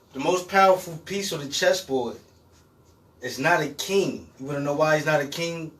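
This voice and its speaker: A man's voice: on the high side, distant mic, low-quality recording. A man guest on a casual podcast, explaining his point in an emphatic, repetitive way.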